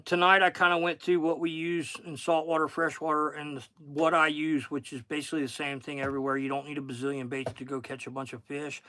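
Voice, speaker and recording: A middle-aged fishing guide with a Southern accent and a slightly high, sharp voice hosts a casual livestream with no echo. He chats in a rambling way and thanks viewers by name.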